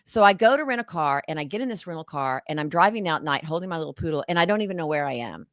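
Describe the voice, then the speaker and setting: Animated lowish-voiced woman telling her story. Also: quick pace, hardly any pauses, clean tone, no room sound. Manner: animated, dramatic, acts out past conversations. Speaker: guest, actress and author. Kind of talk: emotional storytelling in an interview.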